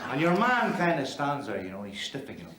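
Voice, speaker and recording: For a TV drama, an actor plays a crude, brash Belfast club comic telling bawdy jokes on stage in a Belfast accent. His mid-range voice swoops wildly in pitch and moves briskly. The recording is very noisy, set in an echoey club hall with a laughing audience.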